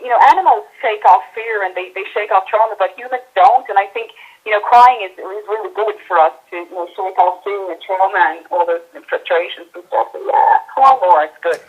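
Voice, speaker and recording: A woman's voice: medium pitch, a little fast, slightly rough. Chatty Irish woman on a muffled line. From Ireland. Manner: chatty, laughs often, acts out quotes. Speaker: guest, actress and comedian. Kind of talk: casual interview chat.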